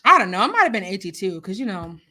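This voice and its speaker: Bright-voiced woman hosting a live chat. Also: medium pitch, fast. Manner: laughs often, emotional and animated; reads out viewer comments and names. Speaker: livestream host. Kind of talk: casual livestream chat.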